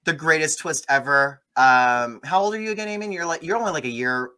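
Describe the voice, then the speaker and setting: Bright-voiced man hosting a movie chat. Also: a little high, a little fast, smooth. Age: 30s. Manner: animated storytelling, acts out quoted lines. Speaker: movie review podcast host. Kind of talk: casual movie review chat.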